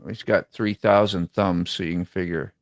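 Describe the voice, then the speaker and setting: A man's voice: low-pitched, fairly even intonation, moderate pace, no echo, low-quality recording. A man hosting a casual chat in a laid-back way, full of "you know" and "man". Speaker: show host.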